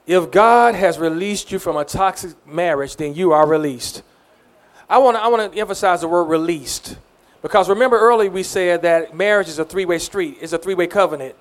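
A man's voice: high-pitched, a little fast. A man giving a conversational sermon as a minister, earnest, often repeating words and calling out amen.

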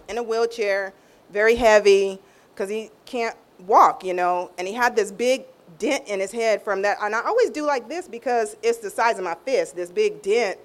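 A middle-aged woman, a guest telling her personal faith testimony, speaks emotionally, casually and expressively. She often repeats and restarts phrases and acts out others' words, swinging her pitch widely for those voices.

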